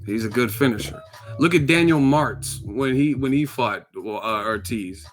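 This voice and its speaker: A man's voice: medium pitch, a little slow, faint music behind. A man from the Bay Area hosting his own channel, giving a casual, joking, profane rant that is full of acted-out quotes. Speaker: boxing commentary channel host.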